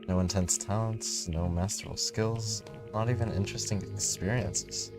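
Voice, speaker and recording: A man's voice: lowish voice, fairly even intonation, moderate pace, over loud music. A man reading a first-person visual novel story aloud, casually, with slips and restarts.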